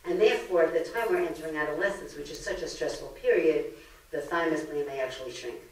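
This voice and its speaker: Telling jokes and stories, an older woman from Brooklyn, New York, entertains a library meeting room with a comedic lecture. She's a fast talker with a low voice; the echoey recording has a distant mic and slight hiss or hum.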